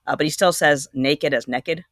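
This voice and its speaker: A woman's voice: rumbling low, animated, fairly quick, a bit bright, dry recording, clean studio sound. A woman from Canada hosting a podcast and chatting in a candid, wry, opinionated way. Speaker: podcast host. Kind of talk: casual podcast chat.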